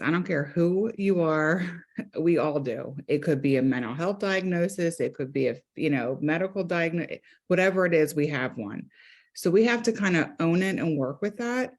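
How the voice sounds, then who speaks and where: A woman's voice: low-pitched, a little mellow. A woman counselor talking on a group video call, earnest and emphatic, often repeating phrases for stress. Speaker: counselor and therapist.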